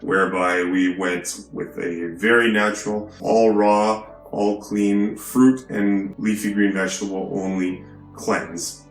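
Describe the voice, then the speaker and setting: A man with a low voice lectures emphatically in his vlog, often tagging "right?" onto his points. He talks from a hotel room with a roomy echo and faint music behind him. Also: steady tone, takes it slowly. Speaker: video host. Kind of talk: preachy vlog monologue.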